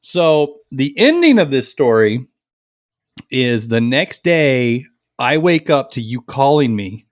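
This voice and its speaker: A man's voice: mid-range voice, slow pace, no echo, studio quality. Boisterous man spinning a wild story. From Las Vegas area. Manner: boisterous, animated, acts out quoted dialogue. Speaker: podcast co-host. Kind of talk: casual storytelling chat.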